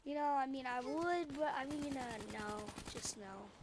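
A woman's voice: high voice, unhurried, background noise. A woman telling a story casually to camera, rambling and full of ums and self-corrections, on a headset mic. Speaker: video creator.

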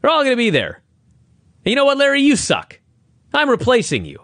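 A man's voice: very high-pitched, huge pitch swings, brisk, a bit bright, dry recording, voice pushed up, heavily acted. A man voicing a brash, bossy middle-aged wrestling booker in a pushy, taunting sing-song.

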